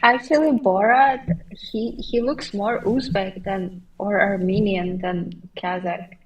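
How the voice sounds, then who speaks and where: A woman's voice: medium pitch, fairly even intonation, slow pace, recorded from a distance, highs cut off. A woman guest on a podcast in casual chat, speaking unhurriedly with some hesitation. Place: podcast recording in Seoul.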